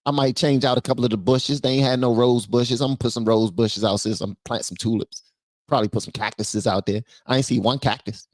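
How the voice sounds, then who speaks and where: A man's voice: medium pitch, no room sound, pitched below the performer's own voice, lightly acted. A man putting on a mocking voice of a female politician, rambling in slang about redecorating. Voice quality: rambling, slangy and sing-song.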